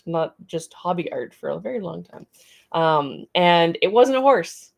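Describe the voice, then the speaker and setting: A middle-aged woman with a slightly low voice rambles in relaxed, chatty livestream talk. She hosts her studio stream, greeting viewers and wandering from thought to thought. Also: a little slow, gravelly. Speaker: artist hosting a studio livestream. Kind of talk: casual livestream chat.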